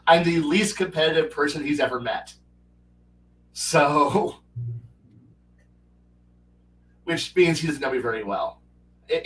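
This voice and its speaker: A man's voice: fairly high pitch, fairly bright tone, a little hiss or hum. A man hosting a livestream who chats casually about strategy games, rambling with many restarts and acting out quotes. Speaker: livestream host. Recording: roomy, with a distant mic.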